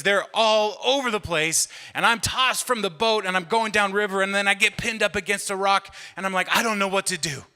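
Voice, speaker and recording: A middle-aged man doing stand-up, telling a chatty, self-mocking story that builds to loud bursts. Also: high voice. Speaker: stand-up comedian. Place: church hall. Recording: live room with long reverb.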